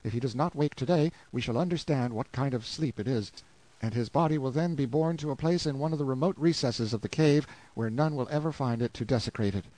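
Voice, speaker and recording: A man reading a novel aloud in a measured, solemn way. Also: mid-range voice, mellow, no echo, poor audio. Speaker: audiobook reader. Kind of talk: scripted novel narration.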